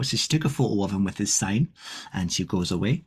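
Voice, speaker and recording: A man's voice: on the low side, moderate pace, breathy edge. A man co-hosting a running podcast, chatting casually and rambling with many restarts. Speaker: podcast co-host. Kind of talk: casual chat.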